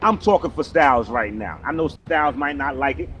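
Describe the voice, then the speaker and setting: A man delivering a confrontational, taunting video rant in a loud, mocking way. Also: mid-range voice, animated, a little fast, a little hiss or hum. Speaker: online commentator in a played clip.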